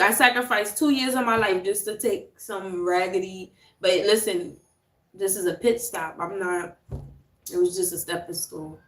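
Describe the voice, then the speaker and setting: A woman, chatting casually with viewers on a livestream, laughing often and reading out names. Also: mid-range voice. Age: 30s. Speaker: livestream host. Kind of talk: casual live chat with viewers. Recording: roomy echo.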